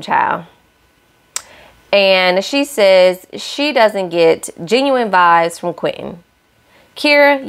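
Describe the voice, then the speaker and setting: A woman's voice: lowish voice, creaky. A young woman hosting a casual reality-show recap, sassy and opinionated, scolding the cast directly.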